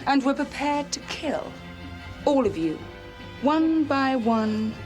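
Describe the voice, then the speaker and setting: An actress playing a sultry, cold villainous henchwoman who talks in a slow, purring, menacing way. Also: high-pitched, big pitch swings, a little mellow, soft background music, full character voice. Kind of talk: film dialogue.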